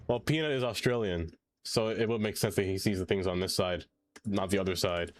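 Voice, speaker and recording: While playing a game on a live stream, a man who isn't American jokes around, reads chat out loud, thanks his viewers, and lets out dramatic groans when he slips up. His deep voice moves fairly quickly, with a little hiss or hum in the recording.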